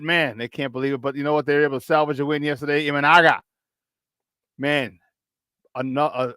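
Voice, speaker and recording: A man with a Chicago accent hosting a morning sports talk show, talking in an energetic, chatty way and repeating himself for emphasis. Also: a little high, a little fast, pauses often, clear, resonant tone, no room sound, clean studio sound. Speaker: sports radio host.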